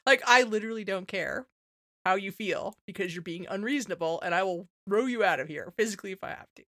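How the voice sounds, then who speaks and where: Woman, 30s, veterinarian podcast co-host; casual, animated, filler-heavy storytelling; recorded dry and close. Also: medium pitch, fast, no echo. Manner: animated storyteller, acts out her own quotes; many fillers like "like" and "you know".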